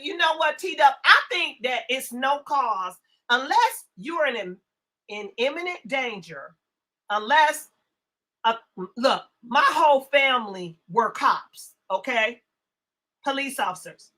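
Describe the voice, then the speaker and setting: A woman's voice: high voice, sharp tone. A woman hosting a live stream, scolding chat trolls in a profane, repetitive rant. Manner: profane, scolding, repeats words. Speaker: livestream host. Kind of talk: angry livestream rant.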